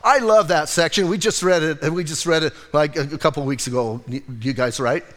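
A male pastor with a slightly high, fairly bright voice talks fairly quickly, preaching a conversational sermon in which he teases his congregation. The church sanctuary gives the recording a long hall reverb.

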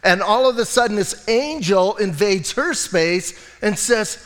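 A pastor preaches a sermon in a church, his high voice unhurried and trailed by a long reverb tail. He's animated and conversational, often breaking in with "listen" and "right?".

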